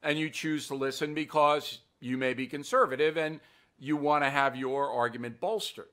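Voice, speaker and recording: A man's voice: fairly high pitch, steady tone, normal speed, a bit bright. An older man hosting a political commentary show, blunt and emphatic, mocking what he dismisses. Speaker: host.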